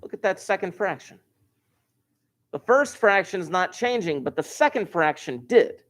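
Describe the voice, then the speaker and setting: A man's voice: high voice, expressive, unhurried, fairly bright tone. A man teaching an online algebra class, explaining steps while joking and chatting with his students. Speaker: math teacher. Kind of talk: live online class lesson.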